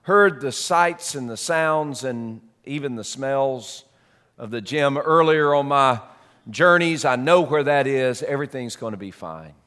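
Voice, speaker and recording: A man voicing a nervous, insecure new schoolboy who talks quietly to himself. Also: medium pitch, lively intonation, a little slow, clear, resonant tone. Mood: anxious.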